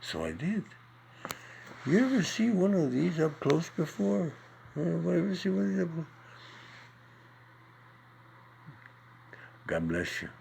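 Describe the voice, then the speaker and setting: A rambling, wisecracking ancient old Jewish man, as a man puts him on, talking in a deep, heavily gravelly voice. He drifts between folksy preaching and old-school jokes peppered with Yiddish words. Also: slight background noise, heavily acted. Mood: joking. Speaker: comedic host. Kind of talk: comic monologue in character.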